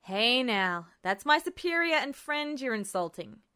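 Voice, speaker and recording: A woman's voice: high-pitched, very animated, normal speed, pushed and bright, pitched above the performer's own voice, exaggerated voice. A woman voicing a cheerful young male soldier who scolds and soothes, in an audiobook. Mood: exasperated. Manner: yelping, scolding. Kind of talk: audiobook character voice.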